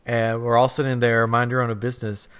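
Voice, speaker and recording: A man's voice: mid-range voice, little pitch movement, fairly quick, a bit bright, clean tone. Chill guy on a podcast rambling thru a story, laughs a lot, plain mid voice. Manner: rambling, laughing anecdote teller. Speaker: podcast co-host. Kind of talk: casual storytelling chat.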